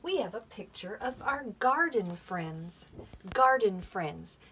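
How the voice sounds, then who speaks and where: An older woman teaching a children's lesson, sounding out letters slowly and animatedly for small children. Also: fairly high pitch, very animated, a bit bright, slightly rough. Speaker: preschool teacher.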